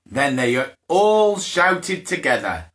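This is a playful bedtime story read live for small kids by a man with a higher, very animated voice. He goes slowly, with a fairly bright tone, laughing and doing character voices into a phone or camera streaming mic.

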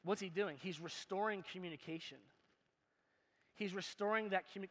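A pastor with a high, bright, ringing voice preaches in a church. He talks to the crowd like a friend, throwing out questions and jokes. The sound carries a long hall echo. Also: moderate pace, pauses often. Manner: emphatic and conversational, asks the crowd questions, jokes. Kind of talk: sermon.

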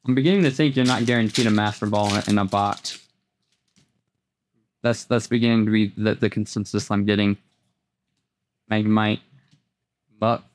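Chatty man calling out card pulls. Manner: chatty, repeats words, jumps into excited highs. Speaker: host opening trading card packs. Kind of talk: casual unboxing commentary.

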